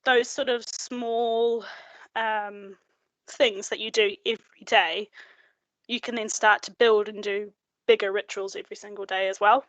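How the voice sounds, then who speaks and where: A woman cuts in from the audience of a webinar, her mid-pitched voice dry and close. She talks hesitantly and politely, pausing on fillers as she shares. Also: steady tone, fairly bright tone, dry recording, rough recording. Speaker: webinar attendee. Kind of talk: casual chat.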